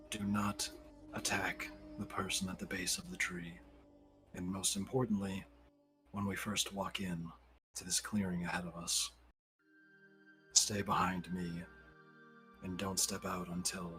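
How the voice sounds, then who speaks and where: A man doing a hushed, grave guide. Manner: low, hushed warning. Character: grave, cautious male guide.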